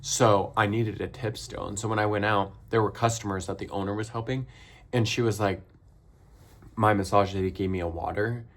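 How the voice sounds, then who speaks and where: A man's voice: fairly low pitch, fairly even intonation, moderate pace. A young man vlogging, telling a story in a casual, rambling way full of fillers, with a wry edge.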